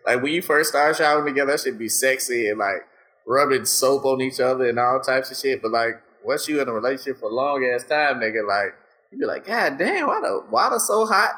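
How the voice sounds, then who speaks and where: A man's voice: mid-range voice, brisk, fairly bright tone. A man in casual podcast chat, slangy and profane, laughing often as he tells stories.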